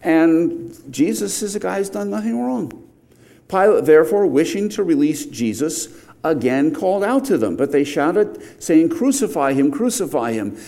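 Mellow-voiced man preaching through scripture. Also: a little high, expressive, normal speed, creaky. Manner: explanatory, rising to emphatic outbursts on key points. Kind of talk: verse-by-verse sermon.

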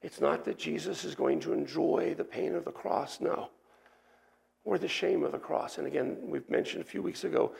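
Male preacher, fairly high-pitched and gravelly, explanatory sermon delivery. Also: normal speed, a little mellow. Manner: explanatory, teacherly, with restarts and asides. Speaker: pastor. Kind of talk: expository sermon.

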